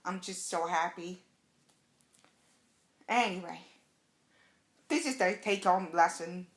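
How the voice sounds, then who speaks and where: A young adult woman telling a casual, excited story as a vlogger, acting out the quotes. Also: on the low side, slow pace, reverberant. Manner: chatty, excited, acts out quotes.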